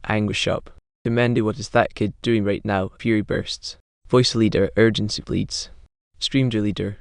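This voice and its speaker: A male recap narrator tells a dramatic story in clipped, terse fragments and reads every character's lines in his own voice. His voice sits a little low and stays flat and even in pitch. The recording is dry and close, with no room sound. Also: normal speed, gravelly, few pauses, clear, resonant tone, no room sound.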